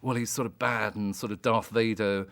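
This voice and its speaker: A man's voice: on the low side, steady tone, normal speed, vocal fry, a bit bright. A man in an interview recalling production details in a rambling way. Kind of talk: reminiscing interview.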